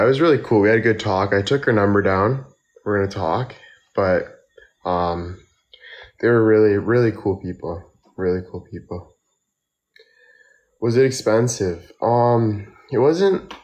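A young man chatting casually on a phone livestream, tired and tipsy from drinking, rambling slowly with lots of fillers. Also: fairly low pitch, darkish tone, dull audio. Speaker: model and livestreamer.

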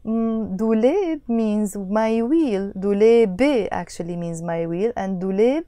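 Lady teaching a lesson, patient, repeats stuff slow, warm voice, dry sound. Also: mid-range voice, lively intonation, no echo. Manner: patient, repeats phrases slowly. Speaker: language teacher. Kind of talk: explanatory language lesson.

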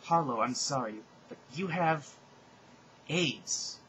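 A man's voice: a little high, animated, slow, fairly bright tone, slight background noise, low-quality recording. A man voicing an earnest magical girl heroine who speaks matter-of-factly.

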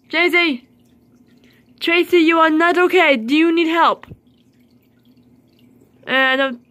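A woman chatting casually in a vlog about her pet fish, excitable and playfully scolding them as she talks. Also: extremely high pitch, slow pace, long pauses.

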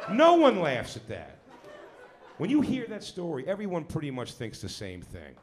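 A man doing a deadpan stand-up bit on a comedy club stage. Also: on the high side, normal speed. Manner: deadpan, mock-serious storytelling. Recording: live club with loud audience.

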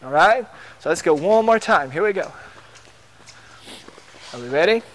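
A man's voice: high-pitched, animated, normal speed, fairly bright tone, slight background noise. A man coaching young players on a tennis court, encouraging them with short drill commands.

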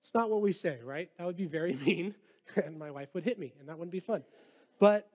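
A man's voice: fairly high pitch, a little fast, darkish tone. A young man, a youth pastor, preaching a sermon in a casual, joking way and reading scripture aloud.

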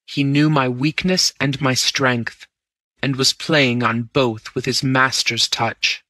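A man narrating a story in the first person, reading in a steady, measured way. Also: mid-range voice, no echo. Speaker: audiobook narrator.

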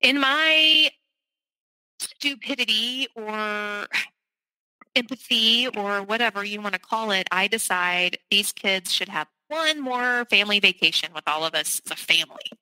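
A woman's voice: medium pitch, unhurried, pushed and bright, no room sound, poor audio. A middle-aged woman from the South, a podcast guest candidly and urgently recounting a personal story. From American South.

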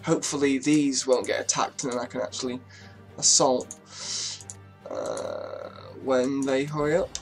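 A man's voice: medium pitch, big pitch swings, measured pace, vocal fry, soft background music. A man giving casual, chatty commentary on a strategy game, swearing freely and talking to his units as he moves them. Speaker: gaming YouTuber.

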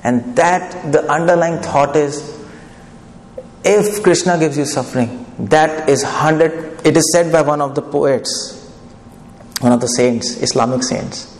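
A man's voice: fairly high pitch, a little slow, darkish tone. A man giving a devotional lecture, chatty and often asking the audience questions. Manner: conversational, asks the audience questions. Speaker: preacher. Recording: echoey hall, faint background noise.

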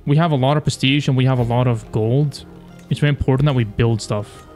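A young man casually commentating his strategy game, animated and taunting, swearing as he plays. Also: mid-range voice, fairly quick, soft background music. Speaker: gaming YouTuber.

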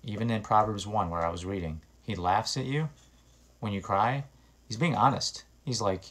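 A man with a fairly low voice delivering an informal sermon straight to his listeners. He talks earnestly and urgently, pushing hard on key words in emphatic bursts. His delivery is exhortative rather than polished. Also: normal speed, a bit bright. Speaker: preacher.

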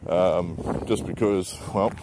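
Low, slow, blunt-talking man. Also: heavy background noise. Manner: blunt, rambling, with profanity and many fillers. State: slightly out of breath from walking. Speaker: political vlogger. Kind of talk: rambling political commentary while walking. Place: outdoors on a neighborhood walk. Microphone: handheld phone.

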